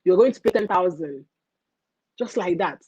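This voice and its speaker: A young woman with a Nigerian accent hosting a casual livestream rant, animated and mixing in pidgin phrases. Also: on the low side, moderate pace, breathy edge, no room sound, dull audio. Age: young adult. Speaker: livestream host.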